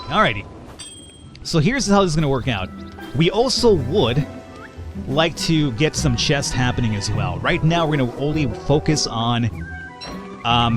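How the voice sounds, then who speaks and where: A man hosting a casual let's play, chatting and joking as he plays. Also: mid-range voice. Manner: chatty, jokey, animated. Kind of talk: casual gameplay commentary.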